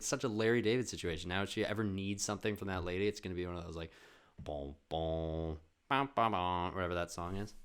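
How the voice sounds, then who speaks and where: A man's voice: lowish voice, a bit bright. A man hosting his own podcast, telling a funny family story in a rambling casual way, swearing and saying "like" a lot. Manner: rambling, swears, says "like" often. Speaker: podcast host.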